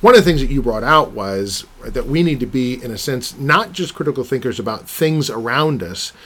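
A man hosting a casual podcast conversation, animated and quick to laugh. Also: mid-range voice, slightly rough. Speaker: podcast host.

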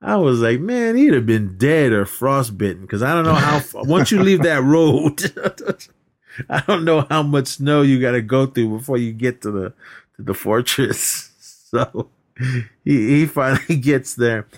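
A man co-hosts a podcast, recapping a film in a loose, rambling way. He speaks at medium pitch and a measured pace, acting out quoted lines and laughing as he goes.

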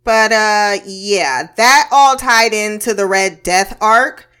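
A woman's voice: medium pitch, expressive, slow pace, pushed and bright, smooth. A woman giving a casual, blunt recap of a TV episode, swearing freely and laughing often between remarks. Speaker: TV episode reviewer.

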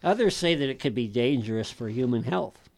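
A man's voice: mid-range voice, animated, a little fast, vocal fry, a little mellow. A man hosting a casual chat, reading notes aloud with wry asides and frequent laughs. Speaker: host.

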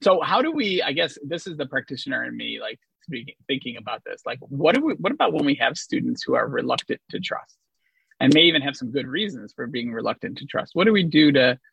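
A man co-hosting an education podcast with a gravelly, husky voice. He muses and asks questions, his speech scattered with "like." The recording is dry and dull, like a cheap mic. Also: mid-range voice, very animated, brisk, a bit bright, no echo. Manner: reflective, many "like" fillers, asks questions. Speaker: teacher podcast co-host. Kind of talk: casual educational discussion.

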